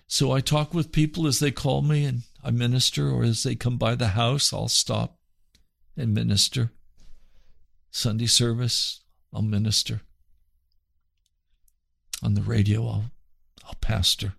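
Man, radio preacher, gravelly, dry studio sound, earnest, repeats himself. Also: medium pitch, level tone, unhurried, pauses often, no echo. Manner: earnest, pleading, repeats phrases. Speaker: radio pastor. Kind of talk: radio sermon.

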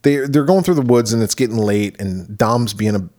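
A man co-hosting a podcast, retelling a horror movie in a rambling, animated, casual way and swearing freely. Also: medium pitch, moderate pace. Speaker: podcast co-host. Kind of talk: casual movie-recap chat.

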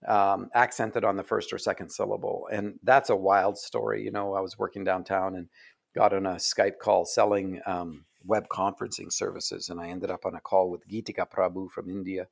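A man being interviewed as an author, speaking in a soft, earnest, reflective way that often trails off quietly. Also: low-pitched, flat delivery, moderate pace, creaky. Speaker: author guest. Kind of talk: reflective conversation. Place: Oregon.

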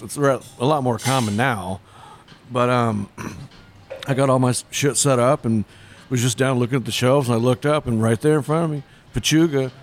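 A man in a casual chat, telling an anecdote with excitement and swearing freely. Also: mid-range voice, a little hiss or hum.

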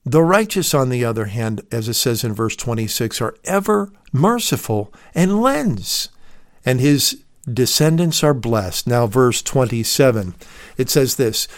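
In a clean studio recording without echo, a mid-range male voice preaches a taped radio sermon. He addresses the listener as "dear friend" and leans hard on key words, his delivery emphatic and swelling.

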